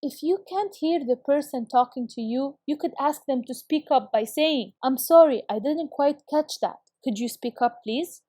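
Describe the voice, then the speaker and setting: High-voiced woman teaching an English lesson. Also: normal speed, hardly any pauses, mellow, dry recording, clean studio sound. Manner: clear, encouraging classroom delivery. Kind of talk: recorded video lesson.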